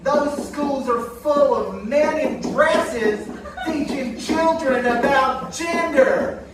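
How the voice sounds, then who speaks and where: A woman voicing a brash, loudmouthed middle-aged aunt puppet in a live ventriloquist act, given to indignant outbursts. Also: sits high, takes it slowly, crowd noise, voice pushed up. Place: live comedy stage. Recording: echoey hall from far off with audience noise.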